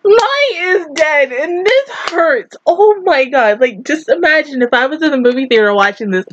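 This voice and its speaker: Young woman, high voice, tearful anime reactor, muffled lo-fi audio. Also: expressive, normal speed, a little hiss or hum. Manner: tearful, exclamatory, swears, laughs through crying. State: teary, sore throat from crying. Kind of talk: emotional reaction commentary.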